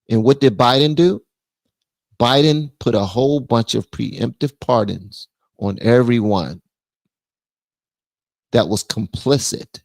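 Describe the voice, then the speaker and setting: Gravelly blunt man streaming. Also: lowish voice, unhurried, no echo. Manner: blunt, animated, reads super chats aloud. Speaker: live stream host. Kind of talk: casual political commentary live stream.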